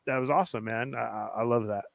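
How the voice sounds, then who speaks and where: A man co-hosting a casual podcast chat, animated and laughing often. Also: medium pitch, fast, creaky, no room sound, studio quality. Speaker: podcast co-host.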